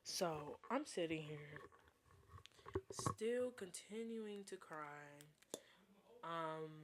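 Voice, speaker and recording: A young woman telling a dramatic story on her vlog, animated and full of slang. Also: on the low side, noisy background. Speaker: vlogger.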